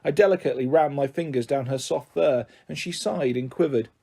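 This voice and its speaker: A man reading a children's novel aloud as the narrator, in a gentle, even storytelling manner. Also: medium pitch, brisk, creaky. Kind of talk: audiobook narration.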